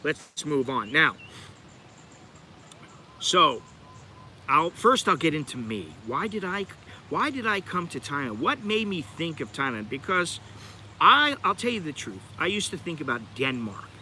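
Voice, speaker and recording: A man's voice: on the high side, very animated, unhurried, long pauses, bright, forceful tone, slight background noise. A middle-aged American man hosting his channel, rambling in a chatty, digressive way and talking straight to his viewers. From United States. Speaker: channel host. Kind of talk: rambling livestream chat.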